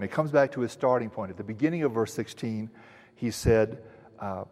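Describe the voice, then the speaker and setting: A man's voice: medium pitch, a little mellow. Earnest male preacher in a reverberant hall. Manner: earnest teaching, with frequent restarts and slow emphatic quotes. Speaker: pastor. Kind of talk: expository sermon.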